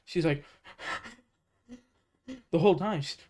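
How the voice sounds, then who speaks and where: A man streaming and reacting casually, talking in an excitable, rambling way full of fillers. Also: a little high, takes it slowly. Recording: noisy home mic.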